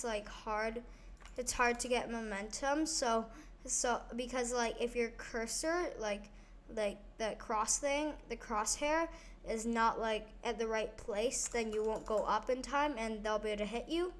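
A woman hosting a casual gameplay tutorial, talking over her play in a rambling way with many fillers and restarts. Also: fairly high pitch. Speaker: gaming channel host.

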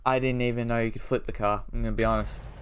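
A man's voice: medium pitch, level tone, quick pace, a little hiss or hum. A man casually talking through a video game as he plays, rambling and mocking himself, now and then yelping at what happens on screen. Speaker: gaming streamer. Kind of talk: casual gameplay commentary.

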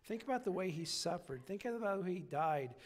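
High-voiced preacher in a reverberant church. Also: male voice, lively intonation, brisk. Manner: preaching with repetition, rising to emphatic peaks. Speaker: pastor. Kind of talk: sermon. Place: church sanctuary.

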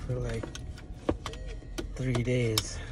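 A man vlogging in a relaxed, storytelling way, laughing often and swearing freely as he acts out what others said. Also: mid-range voice, very slow, heavy background noise. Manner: animated, laughing, profane, slangy, quotes others in his telling. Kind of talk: casual storytelling.

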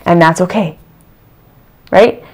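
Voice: mid-range voice, slow. A channel host giving a reflective self-help talk, earnest and repeating phrases for emphasis.

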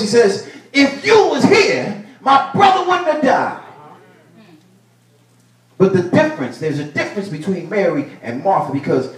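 A male pastor preaching a sermon, building to loud bursts and repeating his phrases. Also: sits high. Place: church sanctuary. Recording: echoey church room, mic at a distance.

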